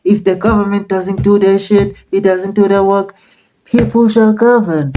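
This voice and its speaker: A woman's voice: mid-range voice, fairly even intonation, normal speed, noisy background. A woman giving exasperated, profane reaction commentary, repeating herself as she rants. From South Africa. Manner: exasperated, repetitive, swearing.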